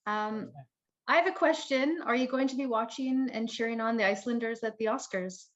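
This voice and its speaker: A woman's voice: fairly high pitch, a little fast, muffled recording. A woman asking questions on a casual video call, chatty and friendly.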